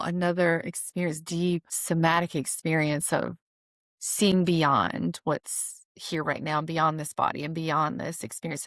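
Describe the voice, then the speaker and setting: A woman with a somewhat low voice hosts a podcast, speaking earnestly in a reflective spiritual monologue. She circles back on key phrases for emphasis and laughs lightly now and then. The sound is dry with no room echo. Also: vocal fry. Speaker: podcast host.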